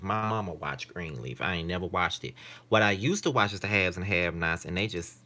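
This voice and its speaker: A man's voice: deep voice, expressive, fairly quick, bright, forceful tone. A man in his late twenties chatting casually to camera in a candid, rambling, profane way. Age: late 20s. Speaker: vlogger. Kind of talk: casual vlog chat.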